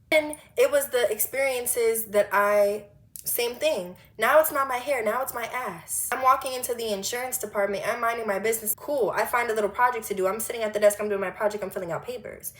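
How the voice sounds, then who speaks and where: A woman of twenty telling a storytime monologue, animated and blunt, swearing freely and firing off rhetorical questions. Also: on the high side, a little fast. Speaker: vlogger.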